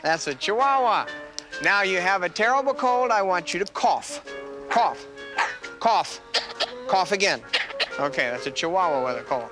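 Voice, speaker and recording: A man's voice: high voice, animated, normal speed, long pauses, over music. A man training animals, coaxing a bird through its act in an encouraging voice.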